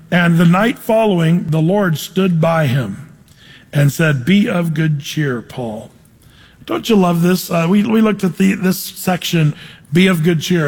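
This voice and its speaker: A high-pitched male pastor teaching verse by verse in a church. His voice carries a long reverb off the hall walls, and he talks in a lively, conversational way, throwing questions out to the listeners. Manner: animated, conversational, asks the congregation questions. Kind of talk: expository Bible teaching.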